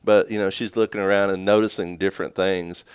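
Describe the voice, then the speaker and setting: A man's voice: deep voice, steady tone, fairly quick, smooth, no room sound, clean studio sound. A middle-aged man co-hosting a talk show, chatting casually about parenting and reading listener comments aloud with easy chuckles.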